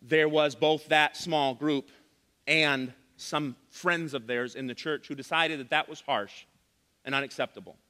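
A man delivers an emphatic sermon in a church sanctuary, pressing his points by repeating key lines. His voice sits a little high and rings bright and forceful. A long reverb trails each phrase through the hall. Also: steady tone, measured pace. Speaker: pastor.

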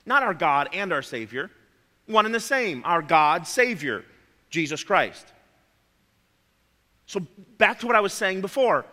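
A man's voice: high voice, big pitch swings, unhurried, long pauses, pushed and bright, big-room sound. A man preaching a sermon, emphatic, repeating his key phrases and calling his listeners friends.

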